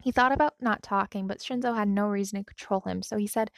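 A woman reading a fanfiction story aloud, then gushing softly about it. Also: mid-range voice, fairly even intonation, quick pace, creaky, hardly any pauses, no room sound. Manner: gushing, soft-spoken commentary after reading. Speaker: fanfiction reader.

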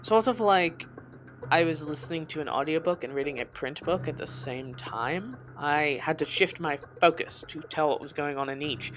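A podcast narrator telling a personal story in the first person, in a quiet, intense, confessional way. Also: medium pitch, normal speed.

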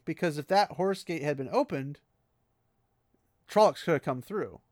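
A man's voice: on the high side, moderate pace, darkish tone, dry recording, clean studio sound. A man casually retelling a fantasy novel chapter for a podcast, chatty with lots of asides. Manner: chatty, lots of 'he's like' asides, laughs at the text. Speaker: book recap podcaster.

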